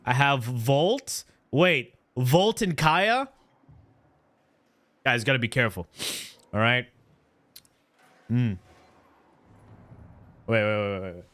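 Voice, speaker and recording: A man's voice: medium pitch, expressive, takes it slowly, pauses often, fairly bright tone. A young man live-streaming a video game from a home setup, joking with chat, rambling, swearing freely and stumbling over words.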